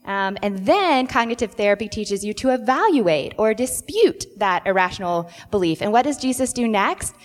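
A woman counselor sharing a personal story with earnest, reflective warmth on a church panel. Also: mid-range voice, lively intonation, moderate pace, hardly any pauses, long reverb tail, faint music behind.

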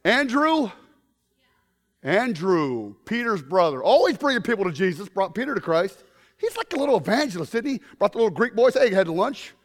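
A man with a high voice preaches a lively sermon at a fairly quick pace, trading jokes with the crowd and performing the parts of Bible characters. The setting is a church sanctuary, and the sound has the long reverb of a big hall.

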